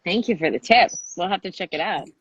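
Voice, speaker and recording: A woman's voice: lowish voice, lively intonation, a little fast, husky, muffled recording. A woman hosting a podcast interview, friendly, reading out listener questions. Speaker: podcast host. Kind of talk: casual interview chat.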